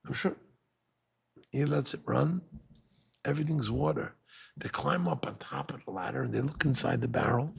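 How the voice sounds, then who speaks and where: A man's voice: mid-range voice, moderate pace, vocal fry, pauses often, breathy edge. A man telling a parable in a sermon, acting out the characters as he goes. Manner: animated storyteller acting out the characters. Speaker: rabbi. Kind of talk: sermon storytelling.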